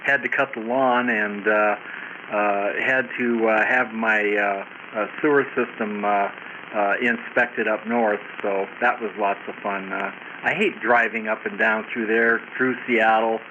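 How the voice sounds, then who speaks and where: An older man, a ham radio operator, chatting casually in a halting, hesitant way. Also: lowish voice, fairly even intonation. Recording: muffled radio with static.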